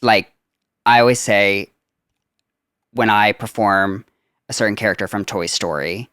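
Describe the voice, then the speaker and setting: Young male podcast guest, low and resonant, casual and rambling, dry close mic. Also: a little slow, a bit bright, clear, resonant tone, no echo. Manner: chatty, lots of filler "like". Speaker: guest, Disney character performer.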